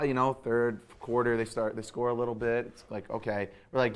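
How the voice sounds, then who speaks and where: A young adult man hosting a sports show, giving an animated, opinionated recap with hot takes. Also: mid-range voice, normal speed, clean tone.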